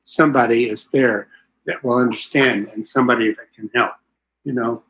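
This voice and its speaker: Older man, recovery share, folksy rambling storyteller, middle pitch. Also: steady tone, moderate pace, fairly bright tone. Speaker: recovery meeting speaker. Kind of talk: personal recovery talk.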